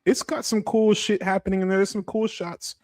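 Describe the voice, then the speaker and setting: A man's voice: high voice, little pitch movement, brisk, darkish tone. A man co-hosting a podcast, giving a laid-back, joking film review with casual swearing. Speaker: podcast co-host.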